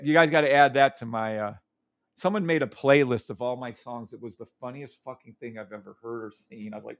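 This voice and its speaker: A man's voice: mid-range voice, normal speed, dry recording, studio quality. A man hosting a live trading stream, explaining charts in a hyped, teasing chat with his viewers and humming along.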